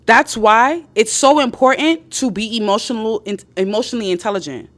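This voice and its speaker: Animated woman giving blunt dating advice. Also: fairly high pitch, a little fast. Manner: emphatic and animated, repeats herself, swears freely. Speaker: live-stream host. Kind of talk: casual dating advice to viewers.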